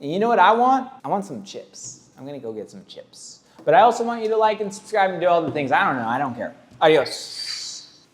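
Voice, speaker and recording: A man's voice: high voice, big pitch swings, fast, few pauses. A man who works as a tattoo artist, giving casual reaction commentary in a blunt, rambling way, full of "like" and "dude".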